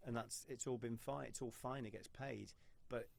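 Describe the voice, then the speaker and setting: A male podcast host in casual conversation who tells stories with a lot of energy. His pitch sits in the middle range for a man, and he swears freely as he talks. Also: moderate pace, vocal fry. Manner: animated storyteller, swears freely.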